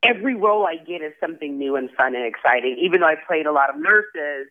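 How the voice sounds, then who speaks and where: A man's voice: a little high, animated, quick pace. A man, an actor guest, chatting effusively in an interview, full of "like" and "you know". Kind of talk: casual interview chat. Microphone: phone call. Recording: tinny phone line.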